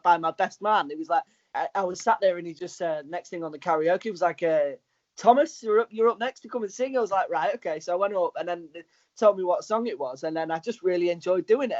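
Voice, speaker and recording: A chatty man with a high voice co-hosts a casual podcast, telling stories and slipping into quoted asides. The recording sounds dull and lo-fi. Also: fast talker, no room sound. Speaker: podcast co-host. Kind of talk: casual chat.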